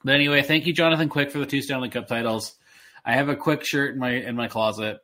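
A man in his thirties co-hosting a podcast, rambling excitedly with many restarts. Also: mid-range voice, fast. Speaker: podcast co-host. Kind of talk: casual chat.

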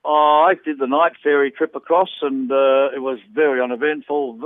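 A man's voice: mid-range voice, fairly even intonation, normal speed, dry recording. A man with an Australian accent, an organiser of a charity ride, talking earnestly and ramblingly with many fillers. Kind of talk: phone interview. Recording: tinny phone line, dry.

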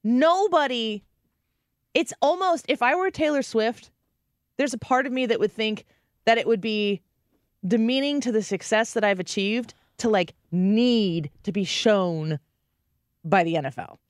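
A woman's voice: on the high side, dry recording. Woman co-host, opinionated and wry, talk radio studio, dry close mic. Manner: opinionated, quick banter with wry asides. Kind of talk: casual chat.

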